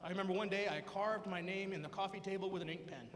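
A man's voice: sits high, fairly even intonation, fast, a bit bright, in a large hall, slight background noise. A man doing a stand-up comedy set on stage, telling playful stories about his family and acting out their voices. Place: comedy stage before a live audience.

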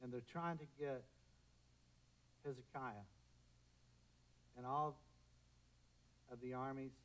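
A middle-aged man preaching a sermon as pastor, swelling into loud declarations and dropping into quiet, prayerful asides. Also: mid-range voice, steady tone, slow, rough recording.

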